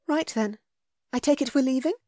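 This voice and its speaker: A woman voicing a witty, affectionate young lady in an audiobook, speaking higher and playfully. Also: normal speed, dark tone, no room sound, clean studio sound, close to an everyday voice.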